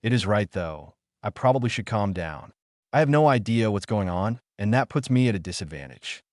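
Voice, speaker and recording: A man voicing a hot-headed young boy ninja who rants and yells. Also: on the low side, animated, normal speed, dry recording, studio quality, lightly acted. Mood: wary. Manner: ranting, yelling.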